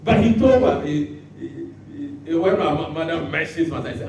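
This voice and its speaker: A man preaching a sermon as pastor, bursting into shouts and acting out the words he quotes. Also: fairly high pitch, fairly quick, slight background noise. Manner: animated preaching with sudden shouts and dramatic quotes. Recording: echoey hall from far off.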